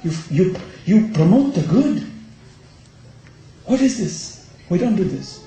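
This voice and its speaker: A man's voice: sits high, big pitch swings, normal speed, mellow. A man giving a passionate Muharram sermon, driving his points home with rhetorical questions. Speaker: religious lecturer. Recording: very echoey hall.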